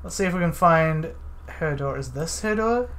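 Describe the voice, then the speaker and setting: A young man streaming a game, casually reading its text and choices aloud with animated delivery. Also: on the high side, moderate pace. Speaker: let's play streamer.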